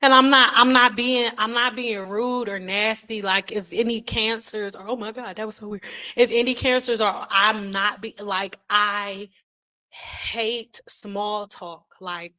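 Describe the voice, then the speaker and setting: A woman chatting live to her viewers, rambling from thought to thought and restarting sentences. Her voice sits at an ordinary middle pitch, and she keeps apologizing as she goes. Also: steady tone, unhurried, bright, forceful tone, rough recording. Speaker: beauty vlogger and livestream host. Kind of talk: casual livestream chat.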